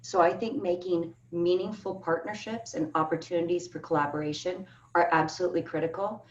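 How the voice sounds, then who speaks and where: A woman acting as keynote speaker answers panel questions earnestly and with emphasis over a video call. Her voice is fairly low, with fairly even intonation and a moderate pace. The call audio is echoey, distant, and dull.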